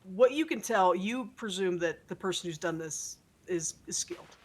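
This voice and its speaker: A woman narrating as game master of a tabletop horror game, halting and rambling with many fillers and restarts. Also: lowish voice, expressive.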